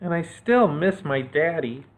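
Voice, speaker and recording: A man's voice: fairly high pitch, expressive, measured pace. A man doing a small sniffly princess. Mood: plaintive. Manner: plaintive, sniffly. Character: small sad princess girl.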